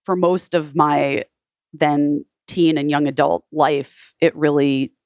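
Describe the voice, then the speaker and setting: Low-pitched woman, podcast guest, chatty storytelling full of "like", dry close sound. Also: level tone, slow pace, darkish tone, dry recording. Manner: frequent "like" fillers, retells others' words. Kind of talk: casual personal storytelling.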